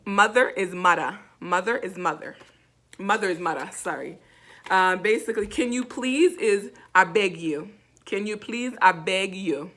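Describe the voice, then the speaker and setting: Jamaican woman teaching words slowly. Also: mid-range voice, a bit bright. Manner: repeats words slowly, many fillers. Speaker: language teacher vlogger. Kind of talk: casual language lesson.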